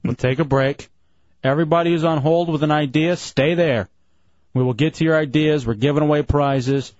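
A man's voice: a little high, steady tone, normal speed, darkish tone, dry recording. A man hosting a radio show with brash, crude, joking banter in a studio. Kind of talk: casual talk-radio banter. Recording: dull lo-fi radio broadcast.

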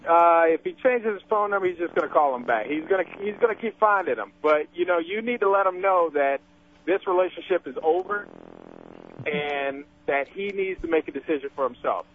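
A man's voice: on the high side, animated, fairly quick, slight background noise. Earnest male caller on a phone line. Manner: earnest, direct. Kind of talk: giving advice on a radio call-in.

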